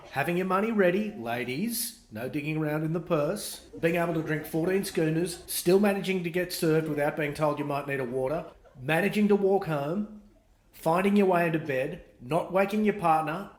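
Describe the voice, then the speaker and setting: A man's voice: fairly high pitch, reverberant. Dry Australian man doing stand-up. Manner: dry, sardonic storytelling. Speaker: stand-up comedian. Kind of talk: stand-up comedy routine.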